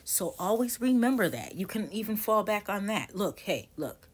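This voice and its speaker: A woman's voice: medium pitch, very animated, moderate pace, slightly rough. A woman in her forties teaching tarot casually, rambling and correcting herself as she goes. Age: 40s. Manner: rambling, self-correcting, chatty.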